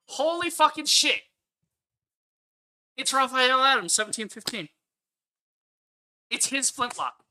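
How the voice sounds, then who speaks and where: A man's voice: very high voice, bright, forceful tone. A man ranting angrily on a live stream as he reviews a film, swearing often and repeating his points for emphasis. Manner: angry, profane ranting.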